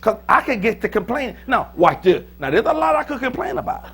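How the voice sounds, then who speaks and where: A pastor preaching a sermon in a joking, lively manner, with sudden loud, high bursts. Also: male voice, fairly quick, breathy edge. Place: church.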